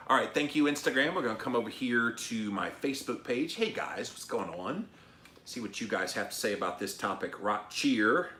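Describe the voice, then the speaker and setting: Animated man hosting a live-stream chat. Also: medium pitch, brisk. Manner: animated, emphatic, chatty. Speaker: host of a live-stream show. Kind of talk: casual livestream chat reading comments. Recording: echoey room.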